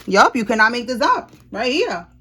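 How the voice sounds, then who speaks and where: Tarot reader, woman, a little high, blunt and emphatic, swears casually, chatty delivery. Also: sing-song, normal speed, pushed and bright, husky. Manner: blunt, emphatic, swears freely, repeats "all right?". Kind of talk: casual tarot reading to viewers. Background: people talking in the house.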